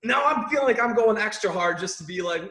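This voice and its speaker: Animated male guest on an echoey video call. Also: sits high, fast talker. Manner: animated, acts out quoted people. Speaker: musician guest. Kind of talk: casual chat over video call.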